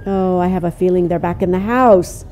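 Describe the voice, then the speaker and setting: An older woman giving let's play commentary, jumpy, cursing and talking to the game out loud. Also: lowish voice, moderate pace, faint music behind. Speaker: gamer.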